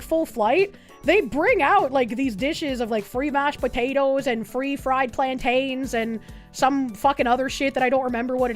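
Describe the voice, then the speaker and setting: High-voiced profane woman streamer. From United States. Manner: rambling, profane, laughs often. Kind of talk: casual stream chat reading an article.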